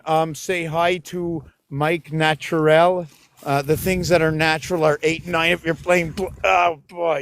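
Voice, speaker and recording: A man vlogging outdoors while walking his dogs in a park, rambling and musing aloud and scolding the dogs in exasperation, recorded on a handheld camera. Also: mid-range voice.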